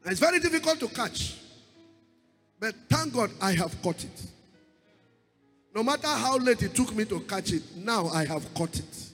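A man preaching a sermon with dramatic swells and drawn-out stressed words. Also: high voice, animated, fairly bright tone, husky, in a large hall, faint music behind.

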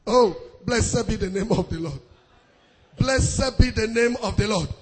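Man, pastor, fervent sermon, sing-song delivery, very high voice, slow and drawn out. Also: husky. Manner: fervent, sing-song preaching with shouted hallelujahs; repeats phrases for emphasis.

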